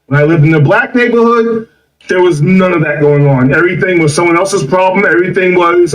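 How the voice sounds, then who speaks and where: A man's voice: sits high, brisk, reverberant, recorded from a distance, rough recording. A man delivering an emphatic, opinionated monologue, listing his points one after another. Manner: emphatic, repetitive, lists points.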